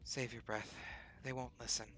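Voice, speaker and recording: A man voicing a grim female dwarf in a video game, speaking in a flat, weary way. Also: mid-range voice, moderate pace, natural voice.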